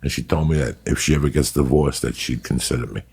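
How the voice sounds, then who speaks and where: A middle-aged man, a podcast host, telling profane stories in casual chat with a gravelly voice. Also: very deep voice, fast. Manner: profane, animated storyteller.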